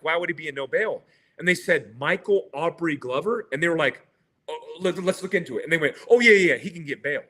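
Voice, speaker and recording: Guest, male, middle-aged: lively storyteller, bright and slightly high voice, acts out dialogue. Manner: retells with quoted dialogue and laughs. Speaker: interview guest. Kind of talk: animated storytelling.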